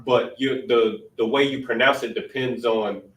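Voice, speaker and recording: A man's voice: medium pitch, steady tone, a little slow, a bit bright. A man teaching an informal class, patiently explaining step by step and thinking aloud. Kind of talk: informal Hebrew grammar class. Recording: roomy, distant mic.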